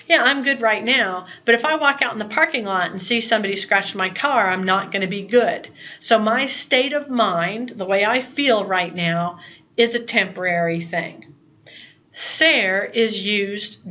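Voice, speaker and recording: A woman's voice: mid-range voice, pushed and bright, dull audio. A woman in her fifties teaching a recorded Spanish lesson, plain-spoken and chatty, with asides. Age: 50s.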